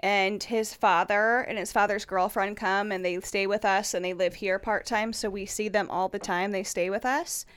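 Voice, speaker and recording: A woman's voice: mid-range voice, fairly even intonation, normal speed, few pauses, fairly bright tone, smooth. A woman from the northern United States, a mother chatting as a podcast guest, telling stories animatedly and swearing freely. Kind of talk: casual chat.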